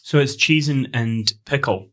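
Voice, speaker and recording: A man's voice: mid-range voice, a little slow, pushed and bright. A man co-hosting a casual podcast, joking and arguing his point with playful asides. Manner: joking, argumentative, trails into asides. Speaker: podcast co-host. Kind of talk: casual chat.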